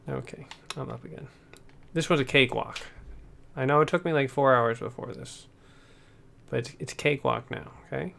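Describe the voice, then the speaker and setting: A man giving chatty, excitable let's-play commentary, talking to the game's characters as he plays. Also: mid-range voice, moderate pace, gravelly, long pauses. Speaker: gameplay commentator.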